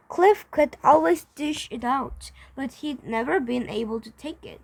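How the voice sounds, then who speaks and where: A woman's voice: high-pitched, expressive, unhurried, vocal fry, darkish tone, rough recording. A woman reading a children's story aloud, carefully, with frequent slips and restarts. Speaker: reader.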